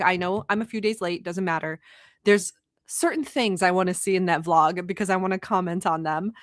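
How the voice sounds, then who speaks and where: A woman from the Middle East hosting a casual live stream from home, chatty and gossipy and quick to laugh. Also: medium pitch, a bit bright, no echo, clean studio sound. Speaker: livestream host. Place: at home in a swivel chair.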